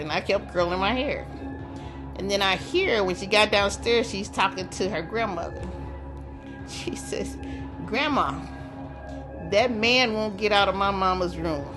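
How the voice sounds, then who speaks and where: A middle-aged woman from St. Louis telling a personal ghost story in a casual, conversational way, with restarts and pointing out places as she goes. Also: medium pitch. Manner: conversational, restarts and describes with gestures. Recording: music underneath.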